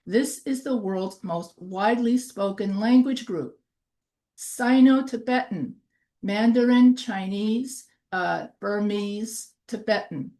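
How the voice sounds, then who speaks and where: A middle-aged woman lecturing to camera in an unhurried, deliberate way. She often pauses on fillers and restarts her sentences as she goes. Her voice sits at an ordinary middle pitch. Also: dark tone. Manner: halting, with frequent fillers and restarts. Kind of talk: recorded lecture.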